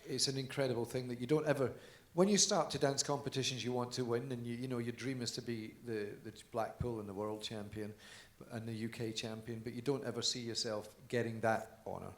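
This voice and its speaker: On stage at a large conference hall, a guest dancer answers interview questions with chatty stories, laughing as he goes. His voice sits mid-range with fairly even intonation, moving a little fast with few pauses, and the stage mic picks up an echoey room.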